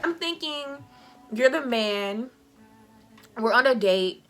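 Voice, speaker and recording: A woman vlogger retelling a bad date in a casual storytime, animated and sassy, acting out the dialogue. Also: fairly high pitch, slow, background noise. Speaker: beauty vlogger.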